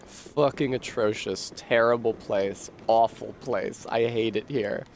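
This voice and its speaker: A man's voice: fairly low pitch, measured pace, vocal fry, a little mellow, a little hiss or hum. A man streaming a video game, with casual commentary full of profane, sarcastic outbursts.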